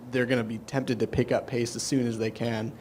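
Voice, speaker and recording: A man's voice: medium pitch, level tone, fairly quick, a little mellow, slight background noise. A man in a seminar audience asking a question on a handheld microphone. He sounds thoughtful and rambles a little as he builds up to it. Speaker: seminar participant.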